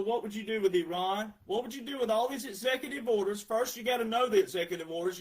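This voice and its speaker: A man giving an emphatic, sarcastic ranting monologue as a political commentator, with sudden loud outbursts. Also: sits high.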